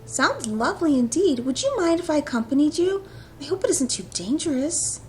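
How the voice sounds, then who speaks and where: A woman voicing a spirited, witty young heroine, reading a visual novel aloud with a bright, playful touch. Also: high-pitched, very animated, normal speed, slight background noise, pitched above the performer's own voice.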